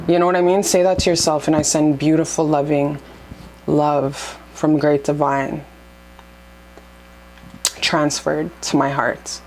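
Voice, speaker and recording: A woman's voice: low voice, flat delivery, a little slow, long pauses, darkish tone, a little hiss or hum. A young woman giving casual spiritual advice to her camera at home, blunt and profane, and heated in bursts. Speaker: spiritual vlogger.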